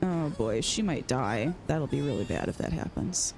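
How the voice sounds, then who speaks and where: A woman's voice: extremely low pitch, animated, normal speed, a little mellow, faint music behind. A woman streaming a video game, talking casually and reacting aloud as she plays. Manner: chatty, peppered with "like", reacts aloud to gameplay. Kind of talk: casual live-stream chat while gaming.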